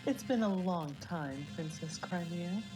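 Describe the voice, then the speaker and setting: Woman doing a low mocky pervy villain king, fan dub, far off mic, loud game music. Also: lively intonation, unhurried. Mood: mocking. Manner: mocking, theatrical, lewd. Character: crude, lecherous villain king, adult man. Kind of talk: live fan voice-over of a game.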